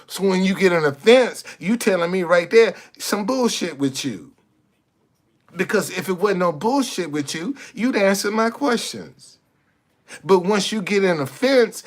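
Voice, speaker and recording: A man hosting a casual livestream monologue, blunt and preachy, repeating himself and cursing. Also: high voice. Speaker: livestream host.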